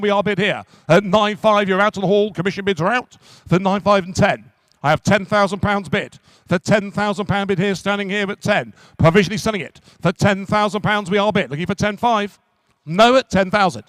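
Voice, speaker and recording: A man working as an auctioneer at a live car auction, calling bids in quick repetitive runs. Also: sits high, no room sound. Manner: rapid repetitive bid calling.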